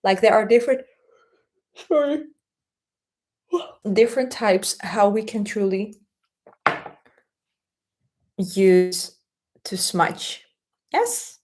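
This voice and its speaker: A woman hosting a casual spell-craft tutorial, explaining things in a gentle, unhurried way. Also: medium pitch. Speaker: spiritual content host.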